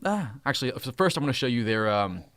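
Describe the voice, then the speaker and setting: A man in his thirties hosting a casual live stream, talking in an upbeat, hurried way and now and then hushing his children. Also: medium pitch, very animated. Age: 30s. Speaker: host.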